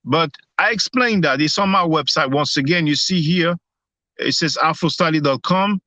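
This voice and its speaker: A man's voice: a little high, moderate pace, bright, forceful tone, no room sound. A man hosting a live stream, explaining at length on his phone, hesitating often and repeating words. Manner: hesitant, many restarts and fillers. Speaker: host.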